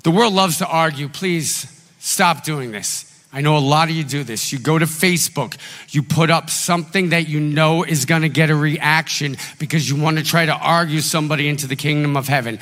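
A man preaching a sermon as pastor, telling a story in an animated, conversational way with acted quotes. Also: on the high side, brisk, big-room sound.

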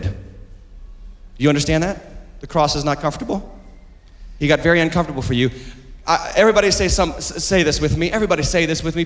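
A man preaching a sermon as pastor, with emphatic, repetitive delivery that calls for the congregation to respond. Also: a little high. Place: church sanctuary. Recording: long reverb of a church hall.

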